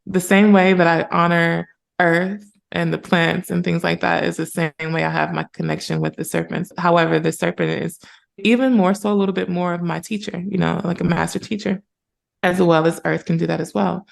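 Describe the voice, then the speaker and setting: A woman speaking as a spiritual mentor and podcast guest, in casual conversation, earnest and animated as she retells moments. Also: fairly low pitch, fairly quick, gravelly.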